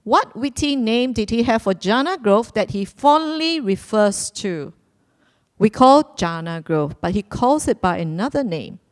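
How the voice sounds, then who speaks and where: A woman's voice: on the high side, animated, a little slow. A woman hosting a live quiz at a community celebration, playful and repeating her instructions, laughing now and then. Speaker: quiz host.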